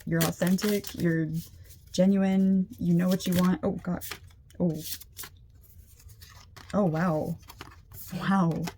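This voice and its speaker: Young woman, energy reader, empathetic, mellow dark tone, flat delivery. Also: fairly low pitch, slow pace, long pauses, slight background noise. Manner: chatty, empathetic, many "like" fillers. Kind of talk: casual spiritual reading to camera.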